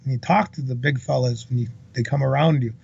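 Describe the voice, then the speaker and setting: Gravelly man spinning a yarn. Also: medium pitch, fast, darkish tone, dry recording. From British Columbia, Canada. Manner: rambling, salty anecdotal retelling. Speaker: interview guest. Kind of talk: casual storytelling. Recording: dull lo-fi recording.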